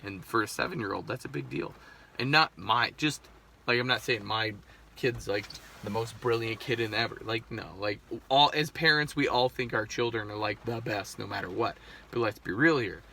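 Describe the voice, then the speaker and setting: A man's voice: lowish voice, moderate pace, vocal fry, sharp tone, slight background noise. A man in his thirties, a parent of a seven-year-old, talking candidly in a casual, rambling monologue with swearing and frequent restarts. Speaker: podcast host.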